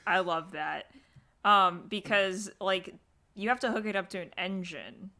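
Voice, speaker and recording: Slow-talking bright woman. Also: mid-range voice. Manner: giggly, reactive. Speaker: podcast co-host. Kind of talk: casual comedic chat.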